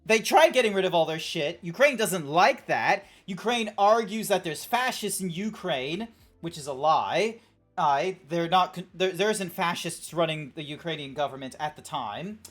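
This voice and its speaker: An Australian woman streaming live, chatting casually with her viewers in a rambling, sweary way as she reacts to chat. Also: lowish voice. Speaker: Twitch streamer. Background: faint background music.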